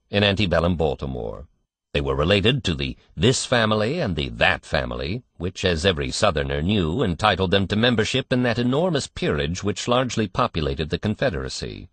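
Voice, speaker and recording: Deep-toned man narrating an audiobook. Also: no echo. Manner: measured, expressive storytelling. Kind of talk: scripted narration.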